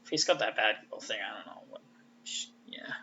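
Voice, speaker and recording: A man's voice: lowish voice, huge pitch swings, normal speed, vocal fry, bright, forceful tone, in a whisper, dull audio. A man giving a casual, rambling fan recap. He swears freely and often trails off and restarts. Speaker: fan commentator.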